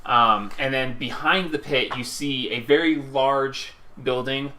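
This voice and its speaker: A man's voice: mid-range voice, measured pace, bright, forceful tone, a little hiss or hum. A man running a tabletop game as game master, describing the scene in a rambling way with many fillers.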